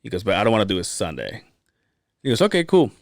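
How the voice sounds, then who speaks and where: Profane storytelling podcast host, lively. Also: male voice, fairly low pitch, quick pace, gravelly, no echo, studio quality. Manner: profane, animated storytelling with acted-out quotes. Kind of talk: casual storytelling chat.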